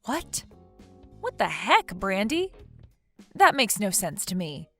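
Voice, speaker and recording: Woman as indignant betrayed wife; bright, animated accusing voice. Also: mid-range voice, takes it slowly, soft background music, heavily acted. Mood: hurt. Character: betrayed wife confronting her cheating friend. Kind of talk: text message story dialogue.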